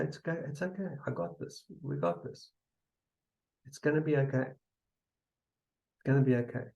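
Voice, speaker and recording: A man giving a motivational seminar talk, emphatic and repetitive, sometimes dropping to a soft near-whisper to demonstrate. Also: mid-range voice, creaky, poor audio. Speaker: seminar speaker.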